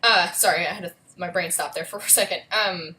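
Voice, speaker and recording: A woman's voice: fairly low pitch, brisk, sharp tone, poor audio. A woman vlogger with a young son, telling a personal story in a casual, rambling way with many fillers and asides. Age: adult with a young son.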